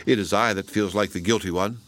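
A man reading the lines of a timid, frail young woman, softly and subdued. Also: fairly low pitch, fairly even intonation, fairly quick, no room sound, natural voice. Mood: meek.

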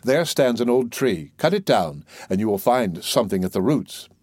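A man's voice: medium pitch, animated, moderate pace, darkish tone, no echo, natural voice. Guy reading the part of a little gray old man from a fairy tale, asks for cake and wine, dry close sound. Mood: kindly.

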